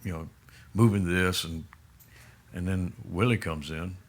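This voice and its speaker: A man with a Texas accent, telling a rambling story as a guest in a casual interview, with many halting restarts. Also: low voice. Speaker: musician guest.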